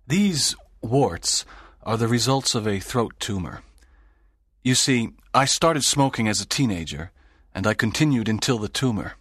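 An actor playing a sad, lonely, strict middle-aged teacher in an audiobook drama, speaking in a grave, measured way. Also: male voice, medium pitch, expressive, a bit bright, slightly rough, no room sound, clean studio sound. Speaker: narrator's teacher.

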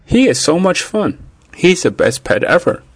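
Annie, a man doing an excited little schoolgirl. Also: moderate pace, breathy edge, no echo, exaggerated voice. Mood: eager. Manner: high, eager, yelling. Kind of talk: storybook reading.

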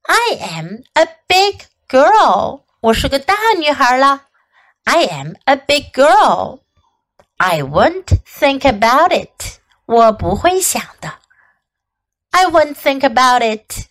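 A woman English teacher reading a picture book aloud in two languages and repeating sentences for practice, slow and expressive. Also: high-pitched. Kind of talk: bilingual storybook reading and lesson.

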